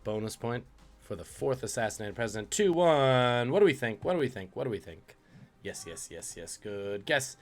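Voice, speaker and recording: A man's voice: lowish voice, animated, fairly quick, faint music behind. A man hosting a live-streamed trivia quiz, reading questions and joking about viewers' guesses. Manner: jokey, reads out questions and chat guesses. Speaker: trivia host.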